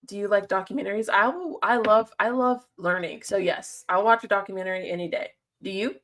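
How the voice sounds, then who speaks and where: A chatty woman talking casually to her livestream chat. She reads out messages, answers them and laughs often, at an easy middle pitch. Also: brisk, fairly bright tone.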